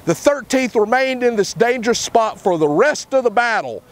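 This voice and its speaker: A man with a very high, light voice walks listeners through a battlefield's history as a park historian. He speaks in a measured, deliberate storytelling manner. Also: animated. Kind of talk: on-site battlefield history talk.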